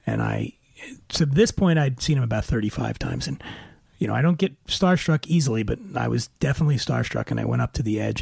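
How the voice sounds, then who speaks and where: A man's voice: mid-range voice, big pitch swings, fairly quick, creaky, darkish tone, husky, no echo. A middle-aged man hosting a podcast, chatting casually and telling an anecdote with dry, self-mocking humor. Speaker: podcast host.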